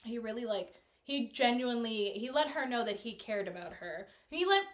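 A woman in her twenties co-hosting a podcast, telling candid stories in casual chat, laughing often and dropping quiet in serious moments. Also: a little high, animated, normal speed. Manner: candid, laughing storyteller with sudden quiet drops. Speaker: podcast co-host.

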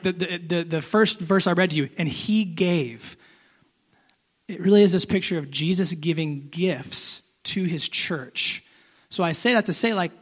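Earnest young church pastor, slightly high. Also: male voice. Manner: earnest, many filler restarts. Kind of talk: sermon. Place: church hall.

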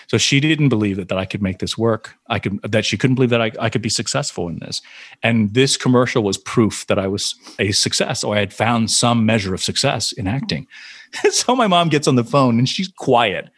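Animated man telling anecdotes, laughing. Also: mid-range voice, a little fast, no room sound. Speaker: actor, guest. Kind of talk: casual interview storytelling.

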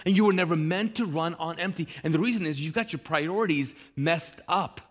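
A male pastor preaching live, his voice pitched high and bright. He talks with animation and plays out the people he quotes. The big church space gives his words a long reverb tail. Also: a little fast. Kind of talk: sermon. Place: large church.

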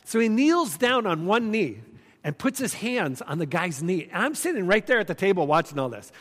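High-voiced man preaching in a reverberant hall. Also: sing-song, moderate pace. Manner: earnest, conversational preaching with emphatic repeats. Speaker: pastor. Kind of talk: sermon with storytelling.

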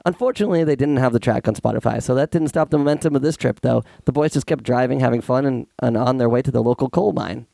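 A man with a hoarse voice from an oncoming cold, co-hosting a podcast and reading a dark comic story aloud while laughing between sentences. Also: medium pitch, quick pace, few pauses, dry recording. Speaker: podcast co-host.

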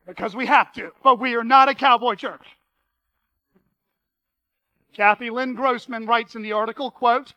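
A man's voice: very high voice, pushed and bright, no room sound, poor audio. A man preaching a sermon as pastor, earnest and reading quotations aloud with emphasis.

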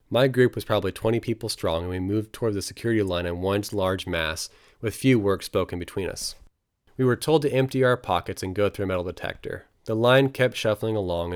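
A man reading his travel memoir aloud as scripted narration, in a quiet, somber storytelling manner. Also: deep voice, dry recording, clean studio sound.

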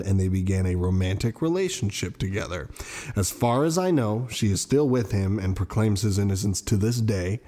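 Animated casual man telling a crime story. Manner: animated, swearing, jumps into high mocking voices. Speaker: podcast host.

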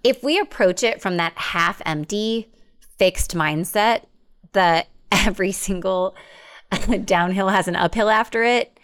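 A woman's voice: medium pitch, a little slow, a bit bright, clean tone. A woman in her thirties or forties, a marketing coach and host, giving a casual motivational talk in an upbeat, chatty way with frequent laughs.

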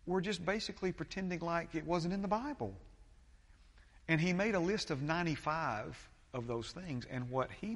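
A man, a pastor preaching a sermon, talking haltingly with many fillers and restarts. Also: on the high side, a bit bright, big-room sound.

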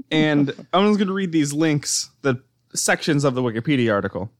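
A man co-hosting a casual podcast, reading out his research notes with plenty of fillers and a deadpan delivery. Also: fairly high pitch, normal speed, no room sound, clean studio sound. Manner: reads notes aloud with fillers and restarts, deadpan. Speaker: podcast co-host presenting research. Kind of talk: casual chat.

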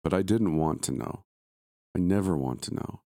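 A man reading a scripted horror story aloud in a grim, deliberate manner. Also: deep voice, warm tone, no room sound, clean studio sound.

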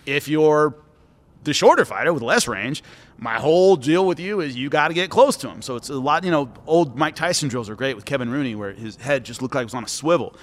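Recorded with long, echoey reverb, a middle-aged man who used to fight in MMA and now commentates tells stories as a podcast guest. His voice is mid-range and a little fast, and he animatedly performs the people he quotes.

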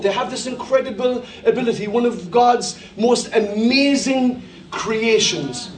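High-voiced Irish pastor in echoey hall. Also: male voice. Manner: jovial, joking with the congregation. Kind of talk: sermon. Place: church hall. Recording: echoey hall, mic far off.

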